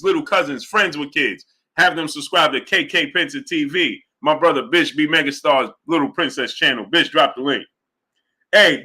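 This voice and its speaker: A young man hosts a loose sports chat stream in a slightly raised, bright voice. He talks in casual slang, circles back over his own points and keeps cracking himself up. His delivery is animated and chatty. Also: a little high. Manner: animated, laughs a lot, slangy, repeats himself. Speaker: sports show host.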